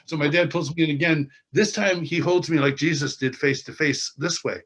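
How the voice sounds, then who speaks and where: As an interview guest, a man tells a story in a slightly high voice at normal speed. He's expressive, acting out the people involved and laughing as he goes along.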